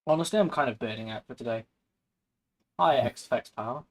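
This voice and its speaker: A man's voice: mid-range voice, a little fast. A man chatting casually while he plays a game on stream, swearing now and then. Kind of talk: casual gaming chat.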